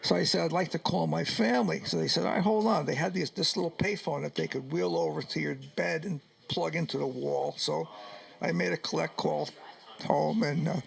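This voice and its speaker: Older man, gravelly voice, slightly high pitch, animated storyteller, radio interview guest. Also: brisk. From New York, United States. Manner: animated storyteller acting out dialogue. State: choked up at times. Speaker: Vietnam veteran guest.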